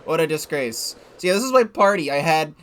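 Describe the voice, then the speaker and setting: A man's voice: on the high side, lively intonation, brisk, a bit bright. A young man giving casual, rambling game commentary from his desk, swearing freely and laughing at himself. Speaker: let's play gamer.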